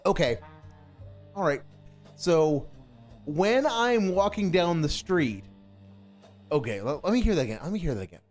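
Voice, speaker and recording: Guy ranting over a clip, sarcastic and fed up, pitch swinging all over, music faint underneath. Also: sing-song, measured pace, pauses often, a little mellow. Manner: sarcastic, exasperated, mocking. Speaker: stream commentator. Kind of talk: reaction commentary.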